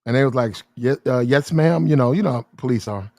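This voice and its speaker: In a clean studio recording without room sound, a medium-pitched man talks casually and at length. The slangy street talk loops back on itself, and he often slides suddenly into shouted arguments he performs himself.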